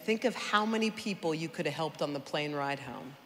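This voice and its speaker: A woman's voice: low voice, lively intonation, fairly quick, fairly bright tone. A friendly, outspoken middle-aged man talks frankly and offers blunt advice, as a woman quotes him in her speech. His voice carries through a long-echoing hall over a faint hum. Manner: chatty, then frank and advising.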